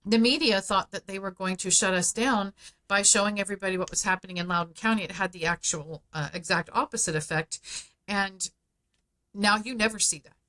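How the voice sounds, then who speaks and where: A middle-aged woman, founder of a parents' advocacy group, appears as a podcast guest speaking in a bright, forceful, mid-range voice. She's emphatic and persuasive, leaning on key words and speeding up or slowing down for stress.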